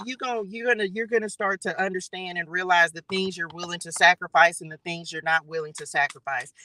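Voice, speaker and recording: High-voiced man giving a chatty tarot reading. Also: pushed and bright, slight background noise, poor audio. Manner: chatty, preachy, keeps addressing viewers as y'all and baby. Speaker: tarot reader. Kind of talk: live spiritual tarot reading.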